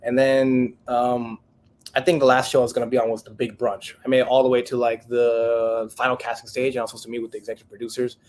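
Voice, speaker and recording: Guy in his 30s, chef on a podcast, animated storyteller, does the voices of everyone in his story. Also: medium pitch, fast. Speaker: chef guest. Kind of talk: casual storytelling interview.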